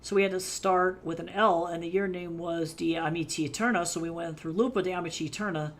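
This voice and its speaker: A casual art streamer rambling to chat between brush strokes, loose and unfiltered, with the odd swear. The voice sits at a middle pitch. A faint hum of noise runs under it. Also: fairly even intonation, a little fast. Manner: loose and chatty, swears freely, talks to chat while working. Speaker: art livestreamer. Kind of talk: casual livestream chat while drawing.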